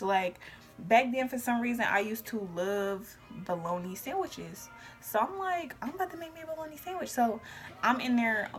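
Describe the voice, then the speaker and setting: Animated young woman telling a story. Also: medium pitch. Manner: animated storytelling with whispered asides and shouted quotes. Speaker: vlogger. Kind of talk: casual storytime.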